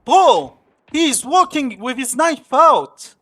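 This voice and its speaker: A male streamer talks over his live match, ranting about his teammates and swearing constantly. His pitch swings widely, from a low grumble up to outraged outbursts. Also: sing-song, takes it slowly, a little hiss or hum. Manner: angry ranting, heavy swearing; complains loudly about teammates. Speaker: streamer playing a competitive shooter. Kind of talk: live gameplay commentary.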